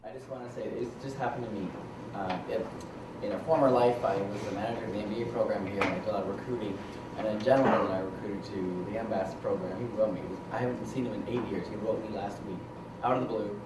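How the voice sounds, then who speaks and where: A man in the audience telling a personal story, emotional and halting. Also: on the low side, fairly even intonation, very noisy. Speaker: audience member, former program manager. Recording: echoey room mic from far off.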